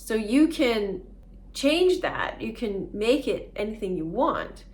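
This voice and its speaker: A woman's voice: on the high side, sing-song, slow pace, a little mellow. A woman vlogger talking casually and earnestly through a self-help idea, often laughing as she explains.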